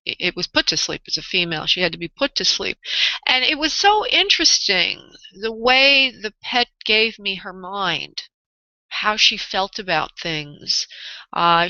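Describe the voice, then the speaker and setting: A woman's voice: fairly low pitch, pushed and bright, clean tone, no room sound. A woman with a New York accent hosting a live call-in psychic radio show, chatty and laughing often. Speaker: psychic medium radio host. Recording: dull lo-fi internet radio audio.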